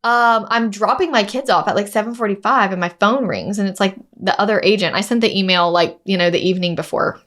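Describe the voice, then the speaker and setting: A woman's voice: medium pitch, a little fast, hardly any pauses. A woman co-hosting a podcast as a real estate agent, telling a story in casual chat and acting out the dialogue. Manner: animated storyteller who acts out quoted dialogue.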